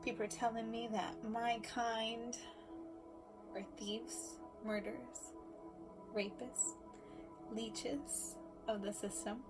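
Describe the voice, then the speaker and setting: A woman giving a personal storytelling speech, emotional, swinging between loud emphasis and hushed asides. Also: a little high, flat delivery, slow pace, pauses often, music in the background. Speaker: speaker.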